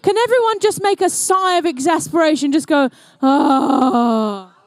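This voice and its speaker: Her voice is very high, animated and fairly quick, with no echo, and she has a New Zealand accent. She's the commentator and emcee at an indoor robotics event, keeping things playful and chatty with jokey asides to competitors and crowd.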